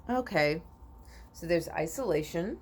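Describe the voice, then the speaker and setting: A woman giving a spiritual oracle card reading to viewers, sleepy and yawning, rambling with repeats and restarts and often clearing her throat. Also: lowish voice, a little mellow, a little hiss or hum.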